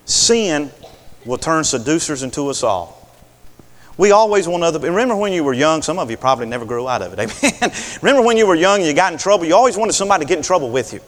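A preacher delivering a sermon, folksy and animated, his voice climbing high and swooping widely. The sound carries the long echo of a big hall, and he keeps asking for amens. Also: quick pace.

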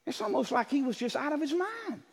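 A man preaches with a strikingly high voice that rises and falls in lively swings. He drops low for quiet asides, then climbs into loud, shouted stretches. The sound rings with the long reverb of a church hall. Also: brisk, gravelly. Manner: builds from low talk to shouted preaching, acts out quotes. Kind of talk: sermon.

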